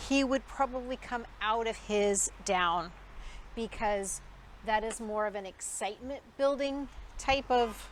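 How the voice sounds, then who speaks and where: A woman dog trainer teaching outdoors. She explains the training in a calm, quiet, measured way. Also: on the high side. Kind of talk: instructional dog training demonstration. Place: outdoors in a backyard. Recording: outdoor recording with faint background noise.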